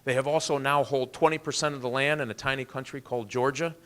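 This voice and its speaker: Guy, mid-pitch, giving a speech, earnest storytelling that builds up. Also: fairly even intonation, fast talker, a bit bright. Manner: earnest storytelling with emphatic rises. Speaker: congressman. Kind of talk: political speech.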